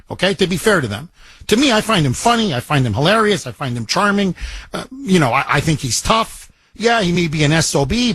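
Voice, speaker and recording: An American man hosts talk radio from the studio, hammering his points with emphatic repetition. His voice sits a little high for a man and has a slightly husky edge. The sound is close and dry. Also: no room sound. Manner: emphatic, repetitive, quoting listeners in his own voice. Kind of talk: opinionated talk radio monologue.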